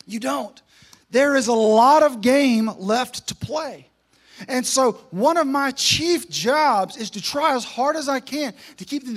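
A man preaching a sermon, telling a story with energy, humor and repeated emphasis. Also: very high voice. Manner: energetic, joking, repetitive emphasis.

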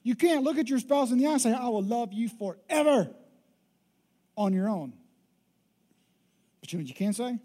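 A man in his thirties preaching a sermon as pastor, emphatic and swinging from loud declarations to hushed, intimate lines. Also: extremely high pitch, lively intonation, normal speed, pauses often.

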